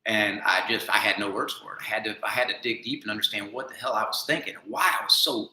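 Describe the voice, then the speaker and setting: A man telling a personal story in an earnest, self-critical monologue, going from quiet and subdued to emphatic. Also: fairly low pitch, fast, hardly any pauses. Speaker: vlogger. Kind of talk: confessional monologue. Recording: echoey room.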